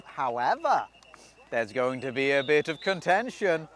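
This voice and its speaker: A man giving solo live play-by-play commentary beside an outdoor pitch, chatty and self-deprecating, often losing track of team names. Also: very animated, measured pace, fairly bright tone. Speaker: sports commentator.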